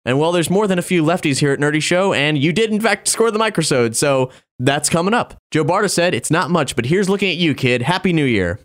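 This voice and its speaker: A man's voice: a little high, expressive, fairly quick, few pauses. A man hosting a podcast, casually and upbeatly reading out supporter news, names and messages. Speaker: podcast host.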